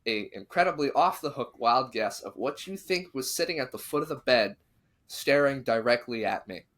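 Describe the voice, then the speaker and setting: A podcast host with a mid-range voice tells a spooky story in casual chat at a normal speed. He stays animated, acting out the quotes of the people in his tale.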